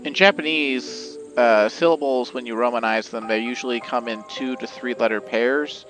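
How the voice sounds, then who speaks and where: A man hosting a let's play, chatting loosely and profanely as he plays, stringing thoughts together with plenty of "like" and "you know". His voice sits at a middling pitch for a man, and game music plays clearly behind him. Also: moderate pace. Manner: rambling, profane, filler-heavy. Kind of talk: casual gameplay commentary.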